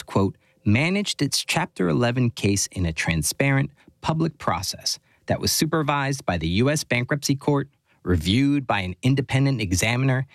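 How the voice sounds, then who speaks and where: A male reporter reading a scripted news narration in a measured way. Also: mid-range voice, no room sound.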